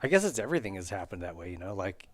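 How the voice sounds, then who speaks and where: A man's voice: low-pitched, big pitch swings, very fast. A man hosting a podcast interview, chatting casually and passing on stories he has heard. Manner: chatty, relays anecdotes. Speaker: podcast host.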